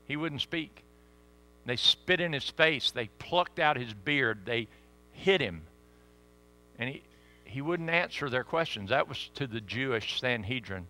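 An animated man preaching a sermon, jumping from loud emphasis to quiet folksy asides. His voice sits a little high and very bright. The sound is close and dry. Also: unhurried, no room sound.

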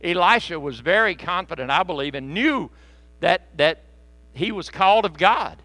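A man preaching a sermon, folksy and animated, with joking asides to the congregation. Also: high voice, moderate pace, no room sound. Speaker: pastor.

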